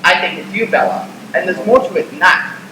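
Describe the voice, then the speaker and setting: A man's voice: sits high, a little fast, natural voice. A man playing a young British wizard in a live stage parody, talking in an awkward, hesitant way. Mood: earnest. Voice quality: hesitant, stumbling, shy. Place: convention room, stage. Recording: echoey hall, noisy live audience room.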